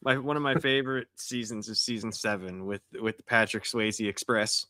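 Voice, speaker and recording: A man on a casual panel. He tells stories in a lively, profane way and laughs as he goes. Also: on the low side, normal speed. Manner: animated, profane, laughs while telling stories.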